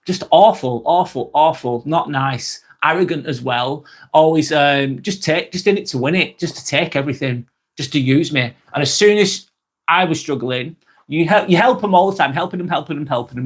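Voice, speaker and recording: A man in his thirties with a broad, strong talks casually on a live stream, reading out viewer comments. He is blunt and chatty, swears freely and repeats his phrases. His voice sits a little higher than most men's. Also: a little fast.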